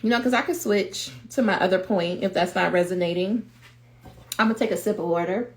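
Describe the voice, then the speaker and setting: A woman giving a livestreamed coaching talk to doctoral students, direct and animated. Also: mid-range voice, fairly quick. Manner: animated, direct, acts out quoted voices. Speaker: dissertation coach.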